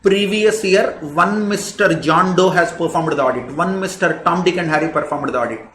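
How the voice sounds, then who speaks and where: A man's voice: on the high side, moderate pace. A man teaching an audit class, explaining step by step and repeating key phrases for emphasis. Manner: animated teaching with asides and examples. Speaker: audit lecturer. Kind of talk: classroom lecture. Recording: echoey room with faint background noise.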